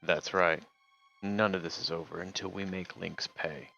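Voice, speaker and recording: Wavering old male knight in despair, put on by a man, low, hushed, lo-fi audio. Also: steady tone, normal speed, creaky, soft background music, exaggerated voice. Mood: mournful. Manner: wavering, mournful, rambling. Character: frail, guilt-ridden old man, a former dragoon.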